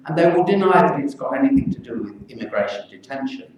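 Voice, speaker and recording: An older man, a children's physician, speaking earnestly and with measured pauses to a public meeting. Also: fairly high pitch, lively intonation, darkish tone. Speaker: pediatric infectious disease physician. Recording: echoey hall, mic from far off.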